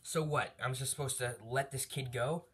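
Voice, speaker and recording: A man's voice: mid-range voice, fairly even intonation, normal speed, a bit bright, husky. A man voicing a shaken superhero who blurts out baffled, defiant questions in a retold fan story. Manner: incredulous, blurting.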